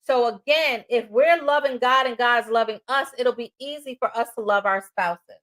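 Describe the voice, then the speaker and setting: This co-host is a woman from New York with a New York accent, and her voice sits a little high at a normal speed. She leads a faith-based talk on relationships in a loud, passionate, preacherly style.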